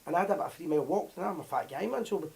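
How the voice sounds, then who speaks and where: A man's voice: fairly high pitch, very fast, gravelly. A Scottish man co-hosting a fan live show in casual chat, telling stories with lots of laughter. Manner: animated storytelling, laughs often.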